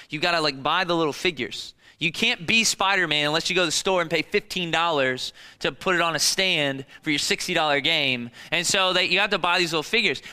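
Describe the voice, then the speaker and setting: A man in his thirties preaching a sermon, telling stories in an animated way and acting out the people in them in quick voices. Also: on the high side, smooth. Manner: animated storytelling, acts out disciples and kids in quick voices. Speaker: pastor.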